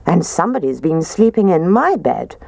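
A woman voicing a kindly mother bear in a storybook reading, gentle in manner. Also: fairly low pitch, very animated, moderate pace, vocal fry, no echo, exaggerated voice.

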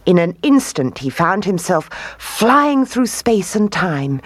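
A woman reading a fairy tale aloud as storyteller, expressive and rising on key words. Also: lowish voice, takes it slowly, few pauses, no echo.

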